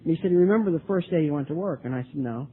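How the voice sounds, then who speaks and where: An older man speaking at a recovery meeting, telling his story earnestly, with many halting restarts. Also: a little high, lively intonation. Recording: tinny lo-fi recording, faint hiss.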